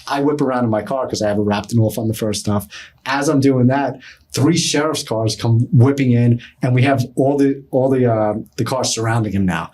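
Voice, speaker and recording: A middle-aged man, telling a story as a podcast guest, animated and acting out other people's lines. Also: mid-range voice, normal speed. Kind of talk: storytelling in casual talk.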